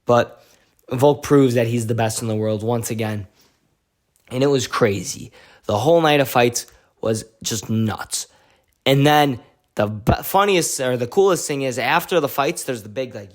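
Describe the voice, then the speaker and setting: A male vlogger giving an excitable, slangy recap of a fight week, full of "like"s. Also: mid-range voice, normal speed. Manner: excitable, slangy storytelling with many "like"s. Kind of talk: casual event recap vlog.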